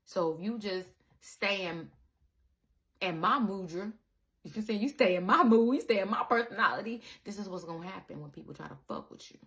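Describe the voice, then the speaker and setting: A woman giving a casual spiritual monologue to her viewers, animated and profane, calling the listener baby and acting out the people she quotes. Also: mid-range voice, fairly quick. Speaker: spiritual content creator.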